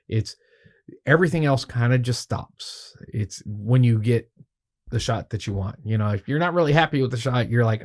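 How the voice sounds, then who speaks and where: A man's voice: medium pitch, darkish tone. A man, a photographer, casually telling a rambling, swearing anecdote on a podcast. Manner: rambling, profane, laid-back anecdotes. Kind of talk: casual storytelling.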